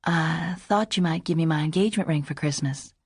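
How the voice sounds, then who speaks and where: A woman's voice: fairly low pitch, moderate pace, vocal fry, breathy edge, dry recording, studio quality, heavily acted. A woman reading as a bold, teasing young woman. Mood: wistful. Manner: teasing, impatient, lively.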